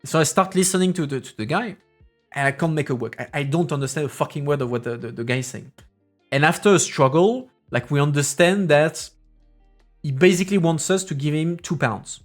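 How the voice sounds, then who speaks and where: A man's voice: on the high side, fairly quick, faint music behind. A man in his thirties with a French accent, telling stories on a casual stream in a rambling way with many restarts. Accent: French, with mixed English accents. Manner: rambling, with frequent restarts and filler sounds. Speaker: streamer and parliamentary assistant.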